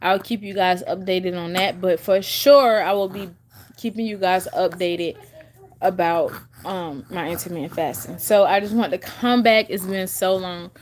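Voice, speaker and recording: A woman in her twenties, fairly low-pitched and speaking at normal speed, chats casually to her viewers as a vlogger with slight background noise behind her. She chews gum throughout, stumbling over fillers and restarting sentences.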